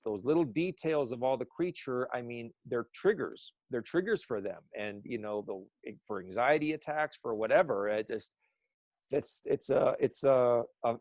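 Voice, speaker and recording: A man's voice: medium pitch, a little mellow, no room sound. A man who works as an eyewitness sketch artist, talking in a casual podcast conversation and rambling with many restarts.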